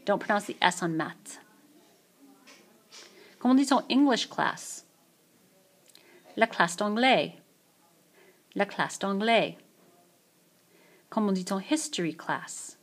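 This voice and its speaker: A woman teaching French vocabulary in a screencast, saying each phrase slowly and then repeating it. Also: medium pitch, lively intonation. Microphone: tablet mic.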